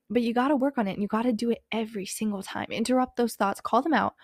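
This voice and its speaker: A woman's voice: a little high, a little mellow, no room sound, clean studio sound. A young woman hosting a podcast, talking candidly in casual motivational chat, full of "like" and "um". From Hispanic background, country not said. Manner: candid, frequent fillers, says "like" and "um" often. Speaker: podcast host.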